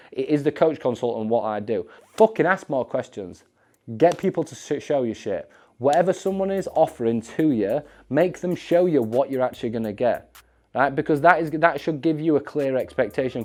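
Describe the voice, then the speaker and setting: A man's voice: medium pitch, darkish tone. A man who mentors fitness professionals gives direct-to-camera advice in a blunt, emphatic way, swearing often and checking in with "right?".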